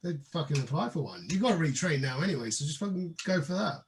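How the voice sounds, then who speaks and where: A man co-hosting a casual wine podcast, sweary and quick to laugh. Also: a little high, sing-song, a little hiss or hum. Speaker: podcast co-host. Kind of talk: casual chat over wine.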